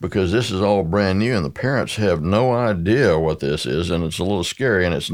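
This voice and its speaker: An older man with a very low voice tells stories as a podcast guest. He rambles, circles back and restarts his sentences as he goes, recorded in a studio. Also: animated, a little fast. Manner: rambling, with many restarts and asides. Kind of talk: conversational storytelling. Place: radio studio.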